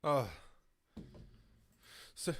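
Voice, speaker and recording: A man hosting a live stream, ranting in a heated, profane, repetitive way. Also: extremely slow. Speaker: livestream host. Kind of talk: angry live commentary.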